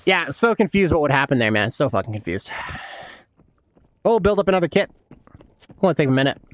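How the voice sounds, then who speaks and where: A man's voice: on the high side, sing-song, brisk. A man in his thirties giving casual, laid-back gameplay commentary as a streamer, swearing a lot and laughing often. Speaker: game streamer.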